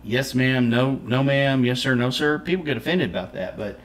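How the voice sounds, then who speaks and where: A man's voice: medium pitch, moderate pace. Texan man, reaction host, emphatic and homey, echoey room. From Texas. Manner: proud, folksy, emphatic. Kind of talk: casual reaction commentary. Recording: roomy echo, faint noise.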